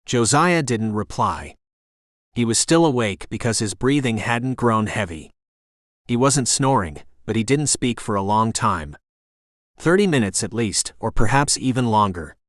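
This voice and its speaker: A man narrating an audiobook in a calm, even reading voice. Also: on the low side, moderate pace, no echo, studio quality. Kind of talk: scripted narration.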